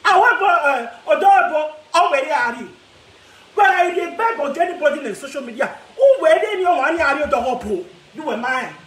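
A Nigerian woman vlogger ranting to camera in a casual, animated way, laughing often and mixing pidgin with her local language. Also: high-pitched, normal speed, reverberant. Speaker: social media vlogger.

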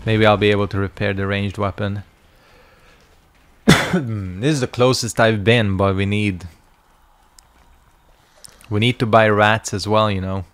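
A man's voice: lowish voice, steady tone, a little slow, pauses often, a bit bright. A young man casually commenting on a game he is playing, muttering to himself and swearing. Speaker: gaming streamer.

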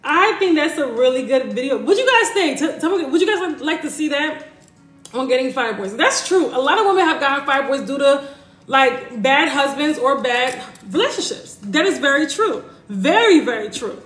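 High-voiced chatty woman hosting a live stream. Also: animated, normal speed, soft background music. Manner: warm, reassuring, chatty, reads comments aloud. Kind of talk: casual live-stream chat answering comments. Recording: echoey room.

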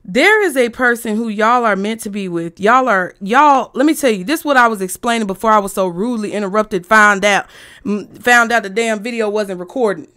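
A woman's voice: medium pitch, brisk, sharp tone. A woman giving a tarot reading to her viewers, speaking bluntly and emphatically with a lot of profanity. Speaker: tarot reader.

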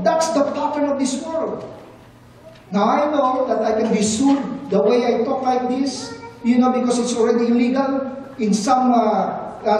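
Pastor giving a sunday sermon, mellow earnest voice, lots of questions to the crowd, far off mic, super echoey hall, faint hiss. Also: mid-range voice. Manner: earnest, asks the congregation questions. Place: church service in a large hall.

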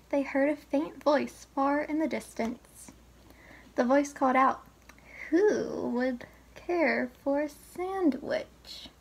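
A woman reading a children's picture book aloud as a teacher, slow and expressive. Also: high voice, vocal fry, husky. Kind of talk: storybook read-aloud.

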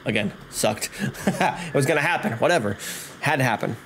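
Brief: male let's-play host, casual and profane, very animated, background hiss. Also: medium pitch, normal speed. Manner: profane, excitable, laughing. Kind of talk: casual game commentary. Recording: noisy home recording.

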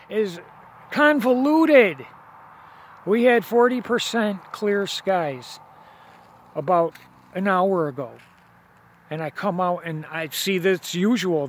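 High-voiced, slow-talking insistent man. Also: a bit bright. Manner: insistent, repeats himself, stammers on restarts. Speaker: video blogger. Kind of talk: filming outdoors, talking to viewers. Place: outdoors at night by a road. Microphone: phone camera held while filming.

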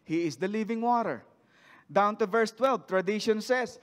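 A man's voice: very high voice, steady tone, moderate pace. A man preaching a sermon, reading scripture aloud and then asking the congregation questions about it. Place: church sanctuary. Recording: long church hall reverb.

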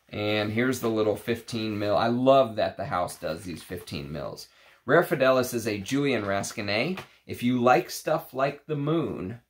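A man with a somewhat low voice talks through his fragrance collection in a relaxed, unscripted way. He gushes with excitement, restarting sentences and filling pauses as he goes. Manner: enthusiastic, gushing with restarts and fillers. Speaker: perfume reviewer. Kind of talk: casual video review.

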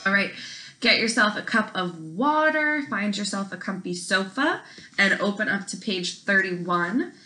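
Bright-voiced woman teacher. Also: medium pitch, lively intonation, measured pace, poor audio. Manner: friendly, encouraging. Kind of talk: reading aloud to students.

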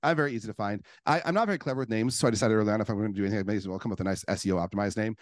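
A man's voice: on the low side, very fast, no room sound, clean studio sound. A man, a guest who works as a life coach, talking in a casual podcast conversation with an enthusiastic, argumentative manner.

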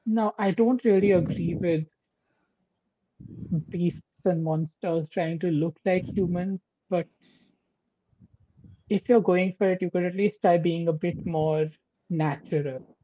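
A woman's voice: on the low side, steady tone, takes it slowly, pauses often, mellow, lo-fi sound. A woman playing a blunt woman adventurer in a tabletop game, frankly lecturing a monster, a little preachy.

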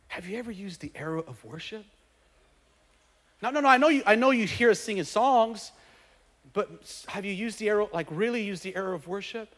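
A man with a high voice preaches a sermon in a church. He drops to quiet, chatty asides and acts out comic churchgoers, then builds up to shouted, rousing preaching. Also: lively intonation, brisk, in a large hall, a crowd in the background. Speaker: pastor. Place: church sanctuary.

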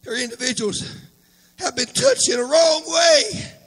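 A man preaching a Pentecostal sermon as pastor, shouting in a chanting cadence and punctuating his lines with amens. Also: very high-pitched, very animated, normal speed. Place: church sanctuary. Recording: echoey church hall with music.

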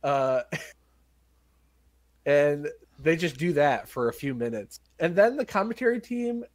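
Slightly high-voiced man joking on a podcast. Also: lively intonation, slow. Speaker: podcast co-host. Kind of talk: casual comedic recap chat.

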